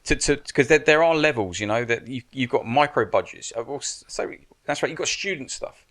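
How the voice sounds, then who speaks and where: A man's voice: medium pitch, lively intonation, fairly quick, fairly bright tone. A man giving casual podcast advice as a guest, frank and blunt, swearing and restarting his sentences often. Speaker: stunt coordinator and military adviser, guest.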